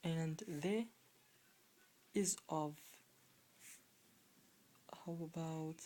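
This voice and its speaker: Woman, tutor, unhurried delivery, deep-toned voice, repeats example words, asks quiz questions. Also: steady tone, dark tone, a little hiss or hum. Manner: slow, repeats each example word several times. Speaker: Spanish tutor. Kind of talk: casual video lesson.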